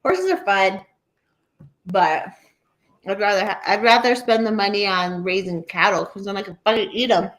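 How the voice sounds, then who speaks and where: A young woman co-hosting a podcast, telling stories in casual, animated chat full of swearing. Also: mid-range voice, moderate pace. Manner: animated, profane, storytelling. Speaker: podcast co-host.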